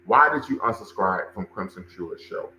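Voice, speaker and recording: A man's voice: low-pitched, animated, moderate pace, pushed and bright, reverberant, a little hiss or hum, rough recording. A man hosting a livestream, commenting and talking with his chat, emphatic and repeating phrases for stress. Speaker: livestream show host and cultural center director.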